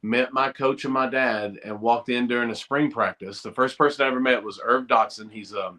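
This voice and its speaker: A middle-aged man, a former football player telling an animated story as a podcast guest over a video call. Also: medium pitch, fairly quick. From Eastern Kentucky. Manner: animated storyteller, acts out quoted voices.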